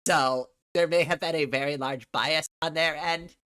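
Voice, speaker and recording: A woman's voice: low-pitched, steady tone, moderate pace, fairly bright tone, slight background noise. A middle-aged woman from New England chatting casually on a livestream from her room, rambling and laughing often. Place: home room.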